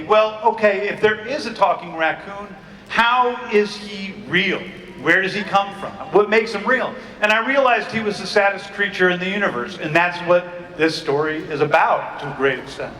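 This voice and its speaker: A man's voice: high-pitched, moderate pace, bright, forceful tone. A man on a convention panel, talking in a reflective way with loose fillers. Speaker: film director on a convention panel. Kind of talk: panel talk. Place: large convention hall. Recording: echoey hall recorded from far off.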